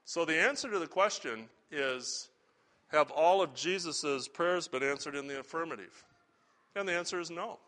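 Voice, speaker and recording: A man's voice: a little high, moderate pace, pushed and bright. A middle-aged man preaching a sermon as a pastor, earnest and conversational, asking the congregation rhetorical questions.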